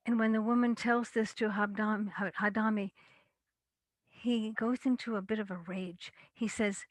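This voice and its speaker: A woman storyteller telling a folktale in a measured, deliberate way. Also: mid-range voice, fairly even intonation, no room sound.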